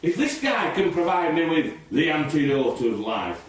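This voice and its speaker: A man's voice: a little high, big pitch swings, normal speed. A man performing a theatrical solo monologue, musing aloud in an exasperated way, heard from a distance in an echoey room.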